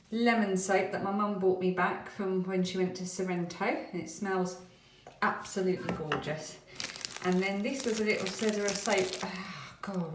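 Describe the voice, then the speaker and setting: A woman's voice: mid-range voice, background noise. A British woman vlogging at home, chatting casually to the camera and rambling with frequent laughs. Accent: British English. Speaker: craft vlogger. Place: home, bedroom and bathroom.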